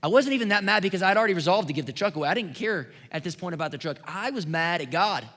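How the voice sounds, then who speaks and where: A man preaching a sermon as pastor, telling a personal story in an animated way that builds to emphatic preaching. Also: high-pitched, quick pace. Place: church sanctuary. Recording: long hall reverb.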